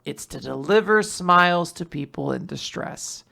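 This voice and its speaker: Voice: medium pitch, animated, a little slow, gravelly, sharp tone, exaggerated voice. A podcast host reading out the lines of a stiff, sincere male detective who makes speeches. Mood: earnest. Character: earnest, corny male detective.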